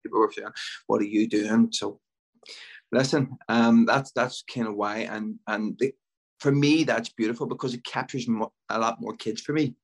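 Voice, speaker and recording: A middle-aged man with a Belfast accent, a school principal telling stories in a casual interview, lively and full of restarts. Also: mid-range voice, normal speed, gravelly, low-quality recording. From Northern Ireland. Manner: animated storyteller with many restarts and repeated words.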